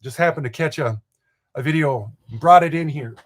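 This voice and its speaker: A man's voice: on the high side, moderate pace. An older man from Montana hosting a live model train stream, chatting in a rambling, folksy way and chuckling as he reads viewer comments. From Montana, USA.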